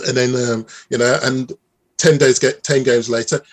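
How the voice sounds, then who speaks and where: Animated husky man telling stories. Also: medium pitch, moderate pace. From Birmingham, England. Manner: animated storyteller, many restarts. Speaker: mathematician guest. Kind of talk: conversational interview.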